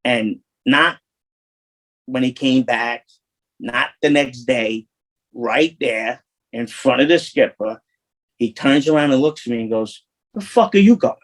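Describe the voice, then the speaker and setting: A man's voice: medium pitch, fairly even intonation, slow, long pauses, fairly bright tone, poor audio. A man, an interview guest telling rambling, profane street stories full of restarts. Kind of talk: casual storytelling.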